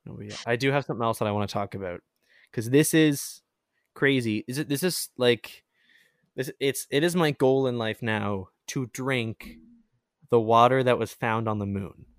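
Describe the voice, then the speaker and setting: A man's voice: mid-range voice, normal speed, dry recording. Brief: chatty male host, mid-range voice, rambling and laughing, dry close sound. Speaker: podcast host. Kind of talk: casual chat.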